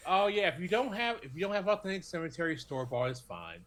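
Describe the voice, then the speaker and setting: A man's voice: high voice, big pitch swings, quick pace, fairly bright tone. A man on a live stream adding wry one-liners. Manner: wry quips. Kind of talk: casual chat on a live stream.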